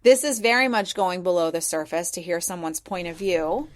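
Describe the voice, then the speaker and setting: A woman with a voice a little on the low side talks through her ideas as a podcast guest. She is measured and thoughtful, with a gentle coaching tone. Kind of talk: conversational explanation.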